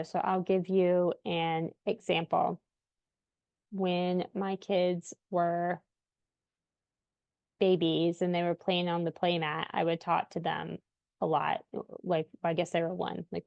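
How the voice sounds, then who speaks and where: A woman's voice: fairly low pitch, creaky, a little mellow, dry recording, muffled recording. A woman in her thirties, a parent of deaf children, giving parenting tips in a casual, chatty way, full of filler words and frequent laughs. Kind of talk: casual instructional talk to camera.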